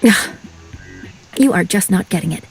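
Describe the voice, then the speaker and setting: Woman as a reclusive, formal female object in a game; stiff and measured delivery, faint music under. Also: mid-range voice, expressive, natural voice. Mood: stern. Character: reserved, formal female household object who prizes solitude. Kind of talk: video game voice acting.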